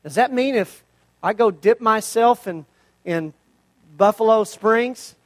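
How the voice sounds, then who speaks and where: Pastor, male, very high voice, lively storyteller, rhetorical questions. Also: slow. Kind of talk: sermon.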